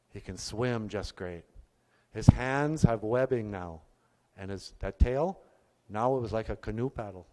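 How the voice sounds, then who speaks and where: A man's voice: fairly low pitch, darkish tone, in a large hall. A man telling a folk story live on a stage, with a folksy, chatty delivery full of asides. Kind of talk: live oral storytelling to an audience. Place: arts center stage.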